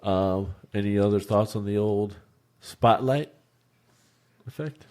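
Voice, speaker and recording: A young man's low voice in easygoing podcast chat. He rambles through stories, swears casually and laughs along the way. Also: slow pace, darkish tone. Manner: laid-back, swearing storyteller who laughs often. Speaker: podcast co-host.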